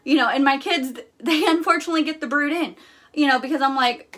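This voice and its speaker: A woman's voice: high voice, a little fast, a bit bright. A young woman hosting a casual live stream, talking bluntly and candidly with lots of fillers.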